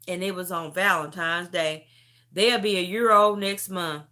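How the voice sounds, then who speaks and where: A middle-aged woman sharing a personal testimony on a live stream, telling her story with animated emotion and close to tears, often calling the listener "beauty". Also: lowish voice, measured pace. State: near tears.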